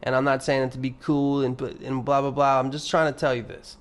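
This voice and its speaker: Young male solo podcaster, mid-pitched voice, rambling and profane, sardonic, jumps between loud emphatic bursts and low mumbled asides. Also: level tone, brisk. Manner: rambling, profane, restarts often. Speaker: podcast host. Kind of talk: casual solo podcast monologue.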